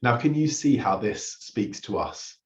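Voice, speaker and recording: A man's voice: mid-range voice, expressive, unhurried, reverberant, highs cut off. A man preaching a sermon, earnestly retelling a story and acting out the quoted lines. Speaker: pastor. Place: church hall.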